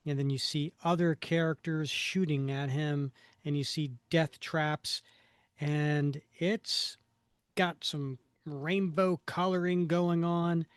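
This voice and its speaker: A man's voice: on the high side, smooth, no room sound, studio quality. A man co-hosting a comic book fan podcast, describing panels with enthusiasm and reading lines aloud. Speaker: podcast co-host.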